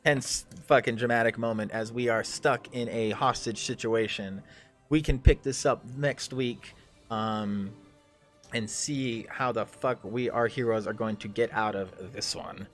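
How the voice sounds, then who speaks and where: A man's voice: medium pitch, fairly even intonation, unhurried, fairly bright tone, soft background music. A man narrating a tabletop game as game master, talking casually with many fillers and swearing.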